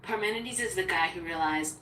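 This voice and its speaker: A woman's voice: fairly low pitch, a little fast, bright, forceful tone. Woman's voice, echoey and far off. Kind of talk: philosophical conversation. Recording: roomy echo from far off with faint noise.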